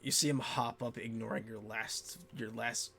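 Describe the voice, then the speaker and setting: A man narrates a tabletop game as game master, in a casual tone with fillers. His voice is bright and sharp. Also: medium pitch, fairly even intonation, normal speed, gravelly.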